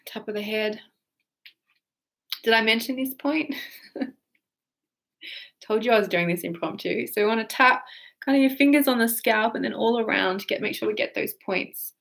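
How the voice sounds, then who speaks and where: A woman's voice: on the high side, normal speed, pauses often, fairly bright tone. A woman coaching a guided tapping session, talking casually and breaking into exaggerated emotional phrases and breaths. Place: home setup on camera.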